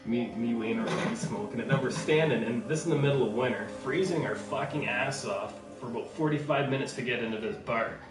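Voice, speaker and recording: A man's voice: medium pitch, fairly quick, few pauses. A middle-aged man with a Canadian accent, chatting casually and profanely while gaming and telling rambling stories. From Ontario, Canada. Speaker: streamer. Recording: roomy, distant mic with game music. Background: video game music.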